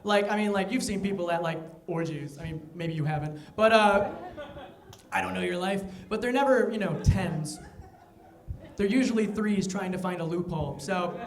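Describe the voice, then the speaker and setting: High-voiced young comedian in echoey room. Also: male voice. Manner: conversational, quick asides, mock voices for quoted people. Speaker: stand-up comedian. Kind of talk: stand-up comedy set. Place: comedy venue with live audience.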